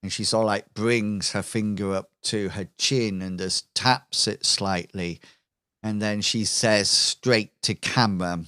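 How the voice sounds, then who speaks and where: A man narrating a tabletop game as game master, telling the scene in a relaxed storytelling way with fillers. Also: lowish voice, a little slow, smooth, no room sound, studio quality.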